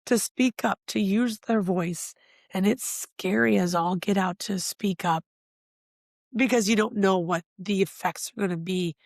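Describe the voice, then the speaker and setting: A woman's voice: medium pitch, gravelly, no room sound, studio quality. A middle-aged woman, a life coach, talking as a podcast guest, telling her story candidly and acting out past conversations. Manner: animated, acts out past dialogue, gets emotional.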